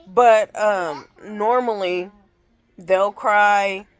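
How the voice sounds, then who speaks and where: A woman rambling through a story about her toddler, exasperated and animated, breaking off to scold kids nearby. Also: mid-range voice, drawn-out words, clean tone. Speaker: mother vlogging.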